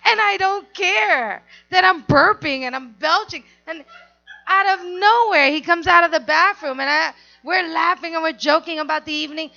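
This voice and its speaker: A woman telling a candid personal story in an animated, confessional way, on a dull lo-fi recording. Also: very high voice, moderate pace, vocal fry, faint music behind.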